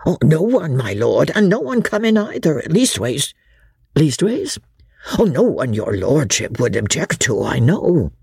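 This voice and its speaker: Woman doing old male innkeeper, rustic, deferential, slow, husky. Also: sits low, very animated, darkish tone, dry recording, studio quality, exaggerated voice.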